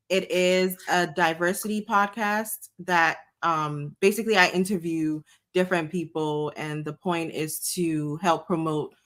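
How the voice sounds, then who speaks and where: A woman from Ghana, an engineer and podcast guest, explaining things in a measured way with frequent ums. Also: on the low side, a bit bright. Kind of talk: casual interview chat.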